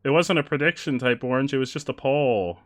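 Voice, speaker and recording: A man with a medium-pitched voice talks fairly quickly while playing on stream, chatting casually with viewers. He jokes around, laughs often and reads chat out loud.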